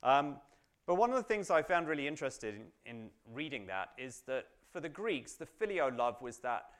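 A man's voice: medium pitch, very animated, moderate pace. A man teaching a Bible study to a small group in an informal, chatty way, full of "um"s and "right?"s. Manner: chatty, frequent fillers and tag questions.

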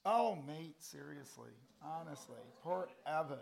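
A man with a slightly high voice gives a relaxed Bible school talk to a room of listeners. He is chatty and joking, and he rambles through lots of ums and uhs before reaching his point. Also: measured pace, vocal fry. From Canada. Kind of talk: informal Bible class talk.

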